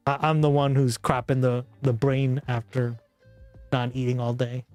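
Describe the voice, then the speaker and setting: A man's voice: mid-range voice, level tone, moderate pace, darkish tone, no echo, soft background music. A man hosting a livestream, chatting casually with a rambling, profane manner and frequent laughter. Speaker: livestream host. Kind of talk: casual chat.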